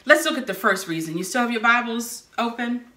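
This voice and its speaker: A woman preaching a sermon, telling stories with lively bursts of shouting. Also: on the high side, fairly quick. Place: church sanctuary or hall. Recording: echoey room.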